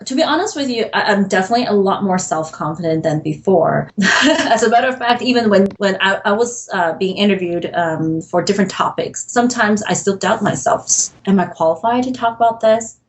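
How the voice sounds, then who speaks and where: A woman's voice: mid-range voice, lively intonation, a little fast, low-quality recording. Woman, middle-aged, podcast guest, candid, emotional, self-doubting, laughs often. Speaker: podcast guest, real estate broker. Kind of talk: candid interview conversation.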